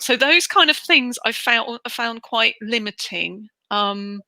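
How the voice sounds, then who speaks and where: A woman's voice: a little high, moderate pace, vocal fry, pushed and bright, no room sound. A middle-aged woman from the United Kingdom, chatting as an interview guest about moving home, and she acts out the voices she quotes. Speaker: interview guest, relocation trainer. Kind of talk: casual interview chat.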